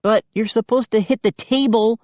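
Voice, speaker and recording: A woman's voice: on the high side, normal speed, no room sound, pitched above the performer's own voice, natural voice. A woman reading an audiobook, voicing a mischievous young boy who exclaims and teases. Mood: excited. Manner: excitable, prankish.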